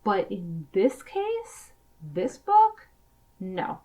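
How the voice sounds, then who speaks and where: A woman co-hosting a podcast in casual chat, emphatic and quick to laugh. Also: mid-range voice, wildly swooping pitch, warm tone. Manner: chatty, laughs often, emphatic. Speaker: podcast co-host.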